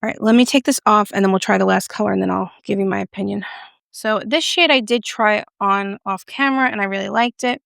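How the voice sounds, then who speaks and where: A chatty woman talks through a makeup review in a playful, joking way. Her voice carries a gravelly edge of vocal fry, and it sounds dry and close, with no room echo. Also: mid-range voice, fairly even intonation, brisk, fairly bright tone. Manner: playful, chatty, jokey asides. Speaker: beauty vlogger.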